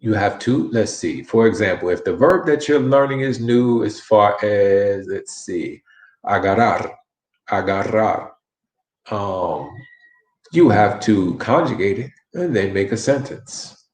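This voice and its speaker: A man's voice: on the low side, expressive, a little slow, a little mellow, reverberant. A man teaching a casual Spanish lesson, repeating phrases and modeling question inflection with encouragement. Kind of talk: casual online language lesson.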